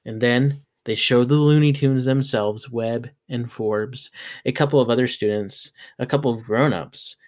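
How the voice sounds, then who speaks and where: Man, medium pitch, steady novel reading, plain delivery. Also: unhurried. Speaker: reader.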